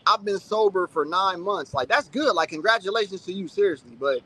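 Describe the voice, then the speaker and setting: High, bright-voiced man in his thirties. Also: animated, brisk. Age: 30s. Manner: loose and chatty, full of "like" and "man". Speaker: channel host. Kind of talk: casual livestream chat reading comments.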